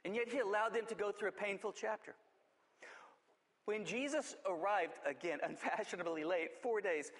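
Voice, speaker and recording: A man preaching a sermon as pastor, swinging between urgent emphasis and hushed, drawn-out words. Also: sits high, in a large hall.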